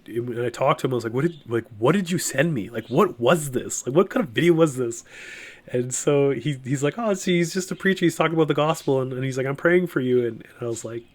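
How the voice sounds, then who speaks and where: A middle-aged man, a podcast guest, telling a personal faith testimony in an earnest, halting way, with many restarts and fillers. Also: medium pitch.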